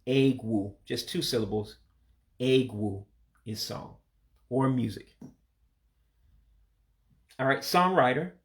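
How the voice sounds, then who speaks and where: A man teaching vocabulary in a casual spoken lesson, patiently repeating each word slowly so listeners can practice along. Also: medium pitch, expressive. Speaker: language learner teaching vocabulary.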